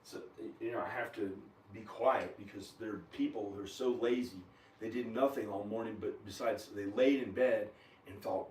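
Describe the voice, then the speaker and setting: A man at home in his kitchen, rambling in an agitated, meandering monologue with frequent pauses and fillers. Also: on the low side, fairly even intonation, a little mellow, slight background noise. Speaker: video maker. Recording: echoey room, camera far from the mouth.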